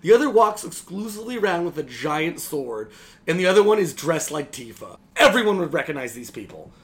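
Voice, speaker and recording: A young man co-hosting a podcast, ranting casually about a video game in a sarcastic, animated way, swearing freely and acting out lines. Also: a little high, a little fast. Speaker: podcast co-host. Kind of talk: casual game critique chat.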